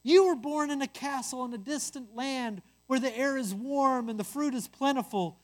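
A calm, patient firstborn son sent to bring his brothers home, voiced by a storyteller. He speaks steadily, close to the narrator's own voice. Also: high-pitched, moderate pace, pitched above the performer's own voice, lightly acted.

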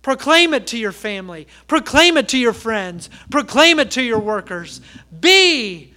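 Man preaching, sermon, high voice, bright and forceful tone, emphatic repeated exhortations, storytelling pastor. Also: animated, moderate pace.

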